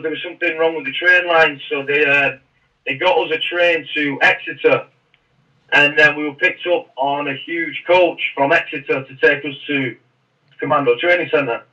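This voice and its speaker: A man's voice: a little high, bright, forceful tone. A man, a former Royal Marine, telling stories in a casual podcast interview with a rambling, restarting manner, heard through muffled, distant audio.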